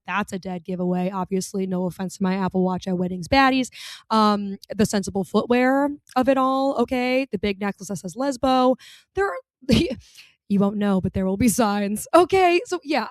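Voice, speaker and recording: Sassy young woman doing her podcast, keeps saying okay?, higher voice, dry mic. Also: no echo. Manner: chatty, sassy, punctuates with "okay?". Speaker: podcast host. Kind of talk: casual solo podcast chat.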